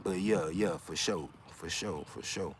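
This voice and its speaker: Low-voiced man rambling on a livestream. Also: a little slow, a little hiss or hum. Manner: rambling, swearing, taunting a viewer. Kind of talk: casual livestream talk to chat.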